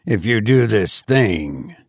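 Male narrator as young duke, cold and mocking, deep and unhurried, audiobook. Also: slightly rough, no room sound, clean studio sound, heavily acted. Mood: cold, menacing. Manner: soft-spoken, mockingly calm, slow. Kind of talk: audiobook character voice.

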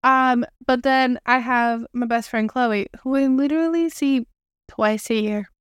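A woman's voice: a little high, fairly even intonation, unhurried, clear, resonant tone, no echo, clean studio sound. A woman in her twenties chatting casually as a podcast co-host, telling stories with frequent laughs and casual swearing. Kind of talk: casual chat.

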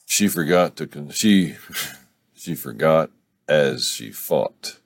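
A man reading a romance novel aloud, unhurried, with small slips and restarts. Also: very deep voice, animated, vocal fry, dry recording. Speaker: book reader.

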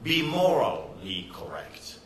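A man's voice: mid-range voice, big pitch swings, slow pace, reverberant, rough recording. A man giving an impassioned, emphatic rally speech with a sarcastic edge. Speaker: rally speaker. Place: event hall.

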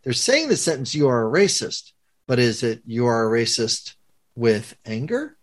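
A man's voice: mid-range voice, normal speed. A man working as a conflict coach, explaining a communication method to a guest and acting out quoted lines as he goes. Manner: animated teacher, acts out quoted lines.

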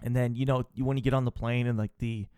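Male podcast host, casual profane storyteller, mid-pitched, dry close recording. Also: flat delivery, fast, warm tone, clear, resonant tone, no room sound. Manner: rambling, exasperated, profane storyteller.

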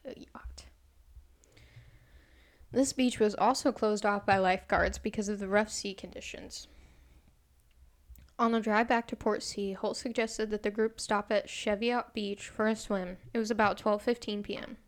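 An American woman hosts a relaxed podcast, reading a true crime case between bits of banter, often stumbling over words and laughing at herself. Her voice sits at an everyday middle pitch with a moderate pace.

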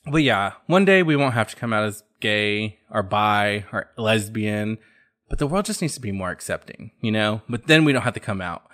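A man's voice: on the low side, moderate pace. A man hosting a podcast, chatting casually and sassily about pop culture gossip. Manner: sassy, chatty, animated storytelling. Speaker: podcast host.

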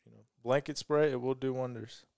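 A man's voice: mid-range voice, steady tone, brisk, creaky, a little mellow, dry recording. A man who runs a lawn care business, chatting casually and explaining step by step with lots of fillers. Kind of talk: casual chat.

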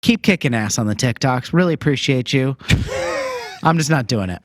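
A man co-hosting a casual comedy podcast, jokey and animated, reading out contact details and thanking patrons. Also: medium pitch, moderate pace, no room sound, studio quality. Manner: animated, jokey, lots of fillers. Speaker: podcast co-host.

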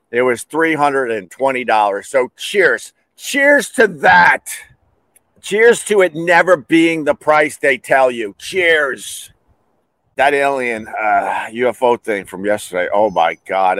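A man hosting a casual comedic monologue, talking animatedly and breaking into shouted bits. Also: medium pitch, dry recording. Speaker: host.

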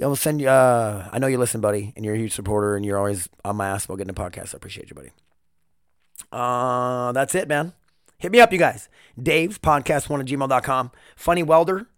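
Recorded dry and studio-clean through one podcast microphone, a man with a fairly high voice hosts his own show from home. He rambles and curses through a confessional monologue on his own.

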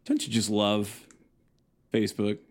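A man's voice: fairly low pitch, completely flat delivery, measured pace. A man co-hosting a podcast in casual chat, loose and joking with plenty of fillers. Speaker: podcast co-host.

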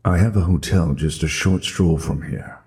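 A man voicing a formal, slow-spoken old-fashioned gentleman who is quietly unsettling. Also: low voice, breathy edge, heavily acted. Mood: courtly. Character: courtly old-timey gentleman, smooth and unsettling.

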